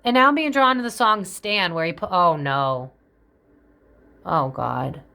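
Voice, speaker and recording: A woman's voice: fairly low pitch, measured pace, creaky, pushed and bright. A woman giving a casual psychic tarot reading. She talks in a chatty, profane, speculative way, jumps between tangents and often acts out quoted voices.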